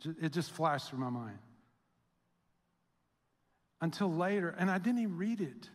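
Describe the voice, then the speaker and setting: High-voiced pastor preaching in a reverberant hall. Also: male voice, lively intonation, measured pace. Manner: conversational storytelling, acts out quoted voices. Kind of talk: sermon. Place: church sanctuary.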